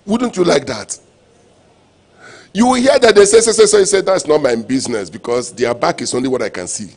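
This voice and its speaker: A male pastor preaching a sermon, repeating refrains and breaking into sudden loud, emphatic lines. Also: fairly high pitch, lively intonation, a little fast, a little hiss or hum. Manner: preaching with call-and-response phrases and sudden loud emphatic bursts.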